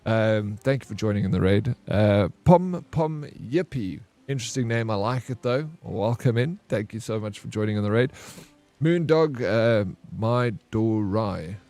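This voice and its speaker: Over soft background music, a man from South Africa talks in an expressive, unhurried way, his voice on the low side with a darkish tone. He's a variety streamer casually chatting while gaming live, teasing and joking with viewers and greeting and thanking them.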